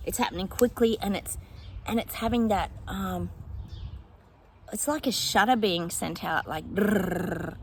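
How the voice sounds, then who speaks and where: A woman's voice: mid-range voice, normal speed, pauses often, a little hiss or hum. A woman psychic talking casually to her viewers, rambling and thinking aloud with lots of fillers and frequent laughs. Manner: laughs often. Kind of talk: casual predictions monologue to viewers.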